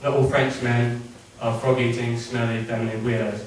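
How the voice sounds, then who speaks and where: A young stand-up comedian with a medium-pitched voice works through his routine, jittery and full of quick asides, landing deadpan punchlines. A distant camera mic picks him up in a club or function room, so the sound is echoey and far off, with a little hiss or hum. Audience laughter fills the background.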